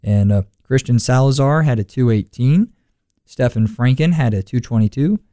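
A young man fills in as co-host and reports college golf results. His voice is mellow and a little dark, and his delivery is relaxed, with many fillers. The recording is dry and close. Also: mid-range voice, normal speed, no echo. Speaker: stand-in co-host. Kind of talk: casual sports results rundown.

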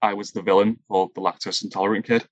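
Improv guest, male, lowish, rambling and hesitant, dry close sound. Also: little pitch movement, no room sound, highs cut off. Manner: halting, searches for words, many fillers. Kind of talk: casual interview answers.

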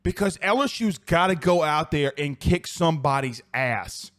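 A man's voice: a little high, expressive, normal speed, fairly bright tone. A man from South Louisiana with an accent from there, hosting a sports talk show and ranting in a heated, profane way while reading live comments.

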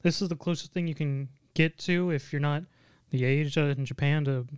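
A man's voice: on the high side, moderate pace, clean tone, no room sound, studio quality. A man co-hosting a casual podcast, chiming in with joking remarks. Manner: joking, interjecting. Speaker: podcast co-host. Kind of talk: casual chat.

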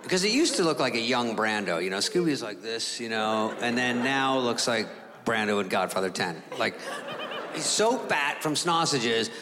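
A man doing stand-up comedy on a theater stage, telling a sardonic, animated story. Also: medium pitch, moderate pace, a crowd in the background. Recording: reverberant hall with ambient noise.

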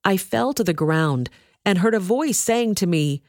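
A woman's voice: lively intonation, darkish tone, dry recording, studio quality. A woman reading a scripture passage aloud as scripted narration, lifting her voice for the quoted speakers. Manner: measured, lifts pitch for quoted speech. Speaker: scripture reader.

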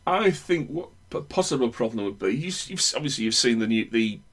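This man from Northern England has a broad accent and a medium-pitched voice that's animated, brisk, a bit bright, and edged with breathiness. He chats casually, offering lengthy opinions and repeatedly stopping to restart his sentences mid-thought.

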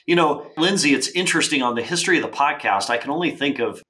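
A man hosting a podcast in casual interview chat, enthusiastic and expressive, generous with compliments for his guest. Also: on the high side, quick pace. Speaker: podcast host.

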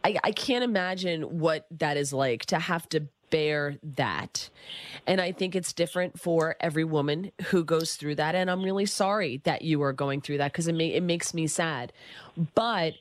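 A woman's voice: sits low, normal speed. Woman radio host with a cold. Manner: warm, chatty, self-correcting. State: nursing a cold, husky. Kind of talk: talk radio chat.

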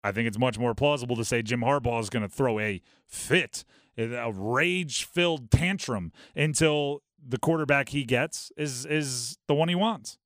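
A man hosting a sports talk radio show, talking in an animated, quick way and dropping into mock voices for bits. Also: medium pitch, no echo, clean studio sound. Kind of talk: casual sports talk monologue.

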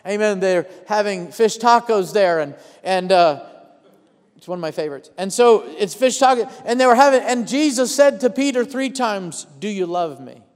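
A man's voice: high voice, normal speed, clean tone, in a large hall. A pastor preaching a sermon, telling a Bible story and calling out to his congregation.

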